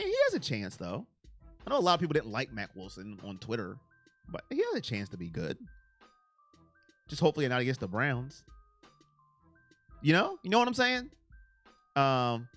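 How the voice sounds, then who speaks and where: His voice sits high and the recording has no room sound at all. He's a man hosting a casual sports live stream, animated and self-admittedly emotional, responding to viewers in chat by name.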